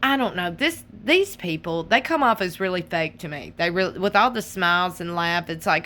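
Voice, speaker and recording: Sassy woman with a bright voice. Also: lowish voice, moderate pace, hardly any pauses. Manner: sassy, animated, talks straight to viewers. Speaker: commentary channel host. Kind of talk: casual reaction commentary.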